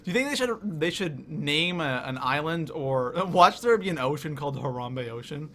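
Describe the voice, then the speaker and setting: A young man from Canada hosting a live game stream, excitedly reading the chat out loud. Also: on the high side, moderate pace, slight background noise.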